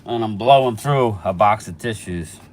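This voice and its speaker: A man's voice: lowish voice, normal speed, a little hiss or hum. A middle-aged man casually hosting a live stream, chatting about football and answering viewers by name, a bit stuffy from allergies. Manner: chatty, reads out viewer names and replies. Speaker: sports channel host answering live chat.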